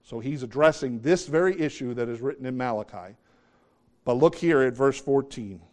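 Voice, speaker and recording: A man's voice: mid-range voice, expressive, moderate pace, a little mellow. Earnest middle-aged guy preaching, leans hard on key words, keeps asking the crowd stuff. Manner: earnest, emphatic, asks the congregation questions. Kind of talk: sermon with scripture reading.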